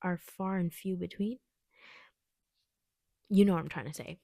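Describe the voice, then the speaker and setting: A woman's voice: lowish voice, steady tone, measured pace, vocal fry, dark tone, dry recording, studio quality. A young woman at home casually reviewing books she read, chatty and digressive, laughing often. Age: young adult. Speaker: book vlogger. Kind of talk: casual book review vlog. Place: at home, indoors.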